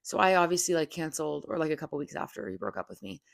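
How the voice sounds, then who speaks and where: Young female podcast host, low gravelly voice, candid and profane, dry close mic. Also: big pitch swings, racing, dry recording. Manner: heavy "like" fillers, profane, venting. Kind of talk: candid personal storytelling.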